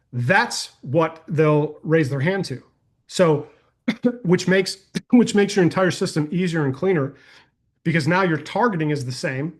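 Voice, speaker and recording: A man hosting a live question-and-answer call, coaching attendees in a folksy, energetic way and telling anecdotes. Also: fairly high pitch. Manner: energetic and folksy, uses "y'all", tells anecdotes. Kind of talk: casual webinar Q&A.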